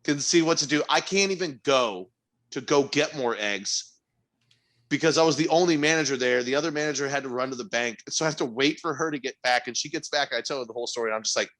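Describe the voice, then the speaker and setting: A man's voice: medium pitch, quick pace. A man co-hosting a podcast, telling a frustrating work story in casual chat, exasperated and swearing, his voice jumping up in disbelief. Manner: animated, exasperated, swears freely, rising to near-shouts. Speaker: podcast co-host.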